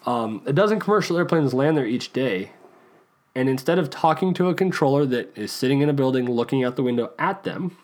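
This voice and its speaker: A man's voice: a little high, a little mellow. A young American man hosting a podcast, talking casually on his own with a chatty, self-deprecating manner and frequent restarts. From United States. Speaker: podcast host. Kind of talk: casual solo podcast talk.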